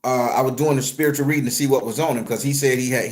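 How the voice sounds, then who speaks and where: A man who works as a spiritual reader, telling a story to his viewers in an animated, profane, conversational way. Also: medium pitch, fast. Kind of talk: storytelling vlog.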